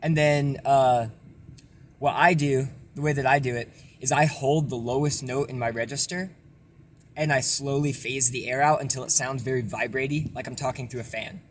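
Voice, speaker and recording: A young man casually explaining a vocal technique in a relaxed, rambling way with lots of fillers. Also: medium pitch, normal speed, a little hiss or hum. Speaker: self-taught vocal tutorial maker.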